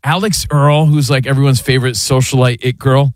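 A man's voice: medium pitch, steady tone, brisk, no room sound. A man with a New Jersey accent co-hosting a sports radio show, trading brash, slangy banter in a studio. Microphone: studio mic.

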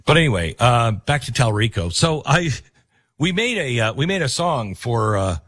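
A man's voice: medium pitch, sing-song, normal speed, fairly bright tone, no echo. A man hosting talk radio, delivering a rambling, sarcastic monologue with frequent asides.

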